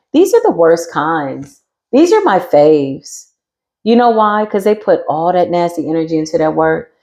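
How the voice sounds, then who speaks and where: A woman giving a casual tarot reading with a sassy, mocking manner, swearing freely and laughing loudly. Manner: swings between low murmurs and high teasing squeals. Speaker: tarot reader.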